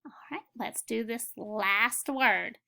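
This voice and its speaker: A woman teaching a phonics lesson, decoding words step by step in a clear, methodical way. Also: fairly high pitch, slow pace, pushed and bright.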